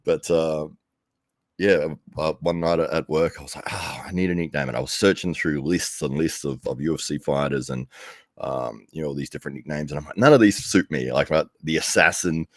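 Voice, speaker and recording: A man's voice: very deep voice, fairly even intonation, fairly quick, dry recording, clean studio sound. A middle-aged man working as an arm wrestling commentator tells a rambling, casual story, chuckling often and growing livelier when he quotes himself.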